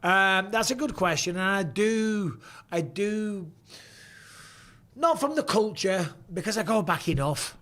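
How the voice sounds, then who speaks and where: A middle-aged man with a northern English accent, hosting a live watchalong and chatting casually with viewers, blunt and quick to swear. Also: high-pitched, animated, a bit bright. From England. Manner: casual and blunt, swears freely, reads viewer questions aloud. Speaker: host.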